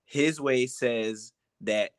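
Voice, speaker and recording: A man co-hosting a casual sports chat, speaking in a dry, sarcastic, deliberate way. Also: mid-range voice, noisy background. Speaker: podcast co-host.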